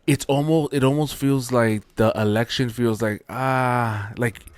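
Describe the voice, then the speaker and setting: A man's voice: medium pitch, steady tone, unhurried, no room sound. A man co-hosting a podcast in loose, joking casual chat, laughing often. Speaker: podcast co-host.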